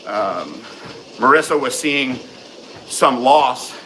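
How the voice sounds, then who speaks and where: Frank, bright-voiced man answering questions. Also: medium pitch, animated, slow, slight background noise, low-quality recording. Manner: frank, matter-of-fact advice with many fillers. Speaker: host answering viewer questions. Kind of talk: casual live Q and A.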